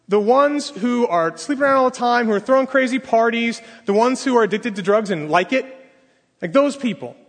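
A man's voice: very high-pitched, lively intonation, a little fast, creaky. A male pastor preaching a conversational sermon in a large hall, talking casually and asking the audience questions. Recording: long hall reverb.

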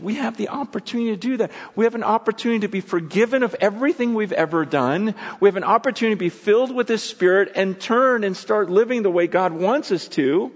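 A male pastor preaching a sermon, reading scripture quietly and then building to impassioned, pleading emphasis. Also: sits high, expressive, fairly quick, creaky. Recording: long hall reverb.

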